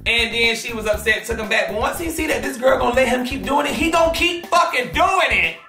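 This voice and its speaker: A high-pitched man with a bright, cutting tone runs a messy gossip segment, sassy and heavy on the profanity. His commentary is animated and unfiltered. The sound is roomy and echoey, with faint background music playing. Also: brisk. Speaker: gossip show host. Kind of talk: casual drama commentary.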